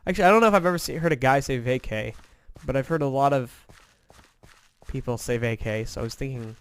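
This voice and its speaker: A fast-talking Indiana gaming commentator with a clear, resonant, medium-pitched voice chats casually over his game. He rambles and jokes at his own expense, yawning because he's barely slept.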